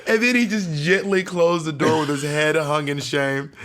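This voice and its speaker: A young man from Georgia co-hosts a podcast in relaxed chat. He tells stories with energy and acts out the voices of the people in them. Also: on the high side, moderate pace. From Georgia, USA. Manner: animated storyteller, acts out quotes. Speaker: podcast co-host. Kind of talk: casual chat.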